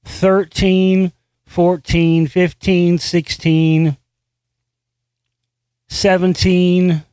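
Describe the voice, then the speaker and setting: A man's voice: on the high side, smooth, no room sound. A man hosting a solo commentary show, reading a news article aloud and breaking into profane, frustrated rants full of restarts. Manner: reads news text aloud, then comments. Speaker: host.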